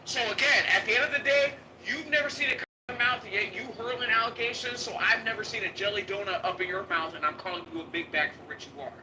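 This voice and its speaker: A man's voice: sits high, fast, hardly any pauses, distant mic. A male host in a heated live argument, talking aggressively and mockingly, repeating his jabs and swearing heavily. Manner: aggressive, mocking, repeats phrases, heavy profanity. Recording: noisy live stream audio.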